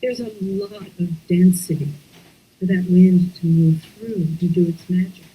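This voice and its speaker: A woman leading a guided breathwork lesson over a video call, speaking softly and often dropping into whispers. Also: lowish voice, breathy edge, highs cut off. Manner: slow, soft-spoken, often drops into whispers. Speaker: somatics teacher.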